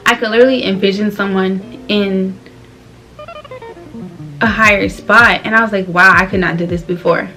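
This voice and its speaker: Brief: twenties woman from Florida, casual vlog chat, bright voice, faint music under her. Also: mid-range voice, fairly even intonation, normal speed, pauses often. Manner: loose, candid, slangy, laughs often. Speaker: vlogger. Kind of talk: casual chat while doing her hair.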